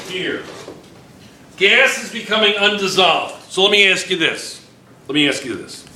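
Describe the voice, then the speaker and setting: Slow, bright-voiced man teaching a class. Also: sits high, expressive, roomy sound, a little hiss or hum. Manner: questioning, repeats points, coaxes answers. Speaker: chemistry teacher. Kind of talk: classroom lecture.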